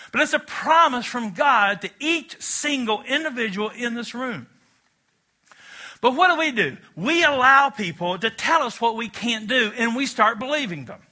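A man's voice: very high voice, pushed and bright. A man preaching a sermon in a church, talking conversationally and drawing the congregation into call-and-response. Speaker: pastor. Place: church auditorium.

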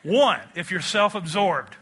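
A man preaching a sermon to a congregation, animated and leading them in call-and-response. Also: high voice, measured pace, husky. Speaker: pastor.

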